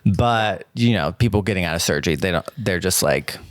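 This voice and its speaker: Man, podcast co-host, smooth resonant voice, dry close sound, rambling casual storyteller. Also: sits low, expressive, dry recording. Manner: quick, loose storytelling with many fillers. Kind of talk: casual chat.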